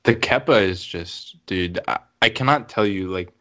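A young man with a somewhat low voice hosts a laid-back sports podcast among friends. He talks quickly and eagerly, piling up fillers and over-the-top claims for effect. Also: heavy background noise. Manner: excitable, quick, exaggerating fan talk. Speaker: podcast co-host. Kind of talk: casual chat.

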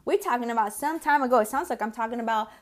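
Rapid-fire and fairly high-pitched, a woman in her forties who hosts a podcast and works as a consultant spins casual personal stories. She's chatty, swears now and then, and acts out the voices in her anecdotes.

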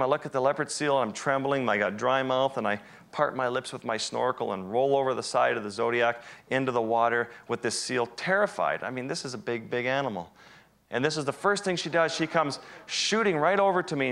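Man telling a lively wildlife story. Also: mid-range voice. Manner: animated and self-deprecating, with vivid asides. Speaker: wildlife photographer giving a talk. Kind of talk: storytelling presentation.

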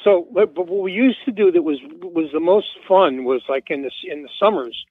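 Older guy calling in to radio, kinda high voice, tinny phone sound, rambles with lots of "you know, like". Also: moderate pace, slightly rough, no room sound. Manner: loose storyteller, many fillers and restarts. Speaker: guest. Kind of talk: rambling anecdote on a radio call-in. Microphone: phone call.

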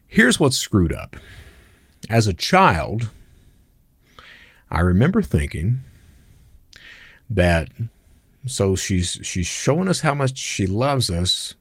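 A man's voice: fairly low pitch, fairly bright tone, breathy edge, no room sound, clean studio sound. A middle-aged man from the United States, hosting his own channel, candidly recounts a personal story in a blunt way with casual swearing. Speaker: channel host.

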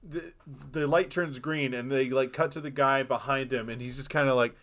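Man, podcast co-host, casual film chat, rambling retelling, bright tone. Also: medium pitch, normal speed. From lives in Boston. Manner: rambling, animated retelling with acted-out quotes.

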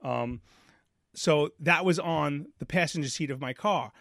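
A New York podcast host in his 40s animatedly tells a story in a casual chat, acting out the voices and repeating himself. His voice is a little high, creaky, and measured in pace, captured in a dry, clean studio recording.

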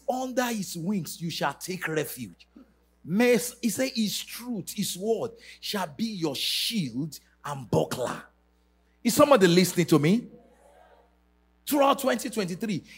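A man's voice: sits high, slightly rough. A man preaching a sermon to a church congregation, emphatic and sing-song, leading call-and-response. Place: church service.

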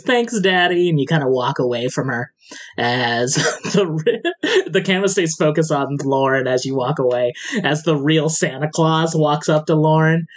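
A game master narrating a tabletop game in a loose, profane way, often laughing. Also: mid-range voice.

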